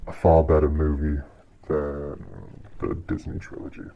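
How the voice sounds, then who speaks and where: Deep-voiced man ranting with heavy sighs. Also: completely flat delivery, unhurried. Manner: exasperated, profane, frequent sighs. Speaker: video creator reviewing a movie. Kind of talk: casual ranting commentary. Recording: dull lo-fi audio with faint hiss.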